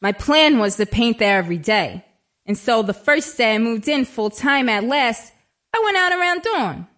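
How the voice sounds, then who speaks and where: A woman's voice: fairly high pitch, animated, normal speed, a bit bright, faint music behind. A woman telling a story in a chatty, wry, conversational way. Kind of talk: dramatic storytelling monologue.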